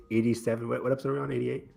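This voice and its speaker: A man co-hosting a casual pop-culture podcast, talking excitedly and laughing often. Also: medium pitch, vocal fry. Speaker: podcast co-host. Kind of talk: casual chat reacting to a trailer. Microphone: remote call setup.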